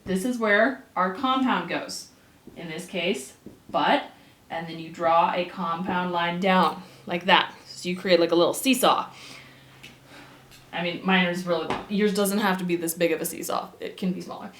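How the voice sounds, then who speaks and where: A woman teaching a grammar lesson with upbeat, animated energy and quick bursts of excitement. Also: lowish voice. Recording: echoey room.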